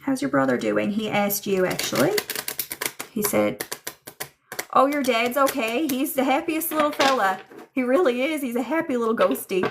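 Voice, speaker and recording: Woman, livestream psychic host, casual and chatty, frequent laughs, creaky voice. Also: mid-range voice, noisy background. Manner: chatty, relays messages in quotes, laughs often. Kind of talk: live-streamed spirit and tarot reading.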